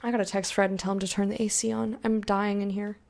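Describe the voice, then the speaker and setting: A woman's voice: medium pitch, little pitch movement, fast, creaky, darkish tone. A young woman streaming a game, chatting casually with viewers, laughing often and reading game text aloud. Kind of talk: casual let's-play chat with viewers.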